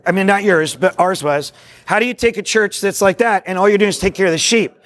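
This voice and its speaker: Excitable high-voiced man leading a workshop. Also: fairly quick, no echo. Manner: excitable, rambling, jokey, preacherly. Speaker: workshop speaker on discipleship. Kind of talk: live workshop talk to a group. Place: meeting room with a live audience.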